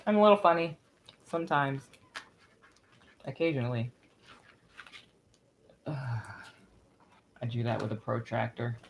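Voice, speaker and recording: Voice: medium pitch, animated, unhurried, creaky, pauses often, slight background noise. Young streamer rambling on a live, self-deprecating, swears a lot, keeps cracking up. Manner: giggly, flustered when reacting to old drawings. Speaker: livestreamer. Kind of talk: casual livestream chat.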